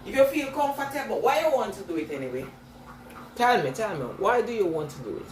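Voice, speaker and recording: A woman's voice: medium pitch, sing-song, fast talker, far from the mic, slight background noise. Chatty accented woman in an echoey room. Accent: non-standard English accent. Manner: chatty, laughs often, repeats herself to answer comments. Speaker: vlogger reading live chat. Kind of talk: casual chat with viewers. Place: indoors, washing her hair. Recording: echoey room with clear background ambience.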